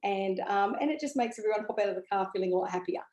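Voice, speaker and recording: A woman's voice: medium pitch, quick pace, a little mellow, highs cut off. A woman giving a casual, enthusiastic talk about essential oils, chatty with many ums and okays. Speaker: essential oil educator. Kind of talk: casual product talk to camera. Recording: echoey room.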